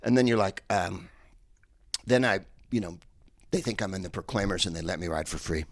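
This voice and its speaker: Low-voiced man rambling through stand-up. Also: brisk, no room sound, clean studio sound. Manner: rambling, hesitant delivery with many fillers. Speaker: comedian. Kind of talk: stand-up comedy set.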